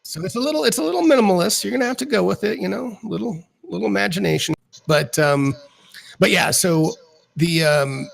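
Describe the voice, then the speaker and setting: A man narrating as dungeon master of a tabletop game in a rambling, halting way. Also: high-pitched, lively intonation, gravelly, rough recording.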